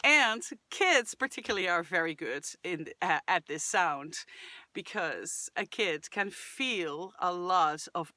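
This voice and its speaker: This woman runs a singing channel, reacting and offering vocal tips in chatty, enthusiastic talk. Now and then she bursts into shouted cries or sung fragments to demonstrate. Her voice is lowish and the recording is dry.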